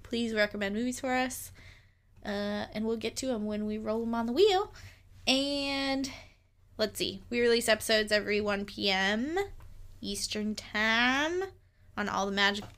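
Bright-voiced giggly woman podcaster. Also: fairly high pitch, normal speed. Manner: giggly, rambling. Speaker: podcast co-host. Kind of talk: casual chat.

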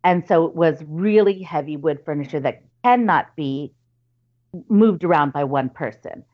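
A woman tells a spooky family story in a relaxed, chatty way. She trips over her words and restarts often, and slips into her relatives' voices. Her voice sits a little low, and the audio is somewhat dull and lo-fi. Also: a little slow. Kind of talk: casual storytelling.

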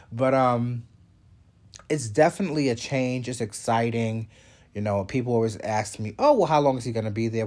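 A man's voice: fairly low pitch, darkish tone. A man with a congested voice, hosting a casual vlog update and rambling chattily with fillers and asides. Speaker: show host.

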